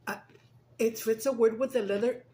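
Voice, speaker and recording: A woman's voice: a little high, fairly even intonation, normal speed, warm tone, low-quality recording. An older woman talks casually at home while eating on camera. She switches freely between English and Spanish and keeps breaking off to coax her pets over. A faint background noise sits under her voice. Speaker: mukbang vlogger.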